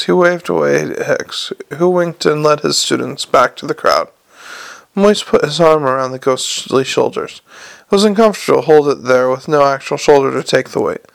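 A man narrating a novel aloud in a dry, measured manner. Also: fairly high pitch, creaky. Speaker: audiobook narrator. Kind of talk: scripted narration.

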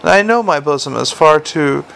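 A man voicing a shy, sweet young woman, soft and a little plaintive, in a storybook reading. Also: deep voice, animated, moderate pace, creaky, a little hiss or hum, exaggerated voice.

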